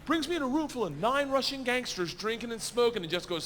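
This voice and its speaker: A man telling a rowdy stand-up story on stage, shouting his punchlines. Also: very high voice, animated, fast. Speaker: stand-up comedian. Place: stage before a live audience. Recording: reverberant theater recording with noise.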